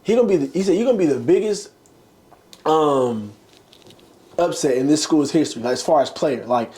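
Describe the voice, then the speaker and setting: A man's voice: a little high, animated, a little fast, darkish tone. A young man casually telling a long story as an interview guest, acting out the quotes with big jumps in his voice. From United States. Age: young adult. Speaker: interview guest, former college basketball player.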